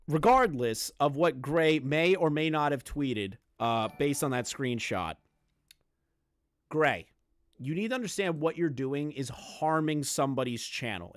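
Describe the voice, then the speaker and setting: A man's voice: mid-range voice, fairly bright tone, no echo, clean studio sound. A man giving live-stream commentary on online drama, blunt and emphatic, swearing now and then.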